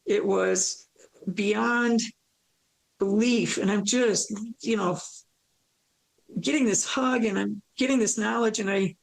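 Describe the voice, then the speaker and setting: Gravelly-voiced woman telling her story. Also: medium pitch, fairly even intonation, takes it slowly, pauses often, poor audio. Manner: acts out her own thoughts in quotes, laughs often. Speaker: interview guest recounting a near-death experience. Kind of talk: animated personal storytelling.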